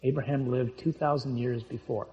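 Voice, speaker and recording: A man preaching a sermon in a mellow, dark-toned voice of ordinary pitch. He reads scripture aloud and explains it in a conversational way. For emphasis his voice jumps suddenly in pitch and loudness. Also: fairly even intonation, moderate pace, highs cut off.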